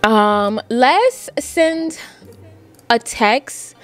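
A young woman giving casual, playful commentary while playing a life-sim game, full of "like" and quick asides. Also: fairly high pitch, animated, soft background music. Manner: chatty, playful, lots of "like". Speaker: gaming YouTuber. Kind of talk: casual let's-play commentary.

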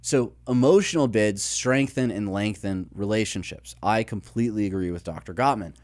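A man's voice: fairly low pitch, normal speed, darkish tone. A man co-hosting a podcast, explaining research in an explanatory manner, listing ideas and telling illustrative stories. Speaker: podcast co-host.

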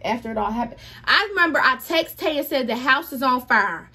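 A young woman vlogger telling a story in casual chat, animated and dramatic, talking straight to her viewers. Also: sits high, fairly quick, breathy edge. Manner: animated, dramatic retelling, addresses viewers as y'all.

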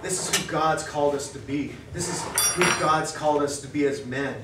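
A man speaking at a men's breakfast in a cafe, preaching in an animated way and acting out quoted thoughts in a hushed voice. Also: a little high, normal speed, very noisy. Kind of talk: preaching talk. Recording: echoey room, mic far off.

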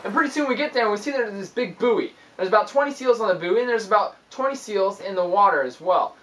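Young man, animated vlog storyteller, excitable and exaggerated, voice slightly off-mic. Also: high voice, quick pace, far from the mic, rough recording. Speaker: youth ministry vlogger.

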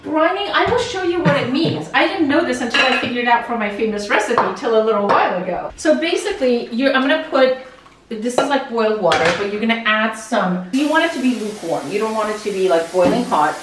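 In her home kitchen, a middle-aged dentist who vlogs about cooking talks straight to her viewers in a playful, chatty cook-along. Her voice is on the high side, expressive and fairly quick. The recording is roomy and distant, with a noisy background.

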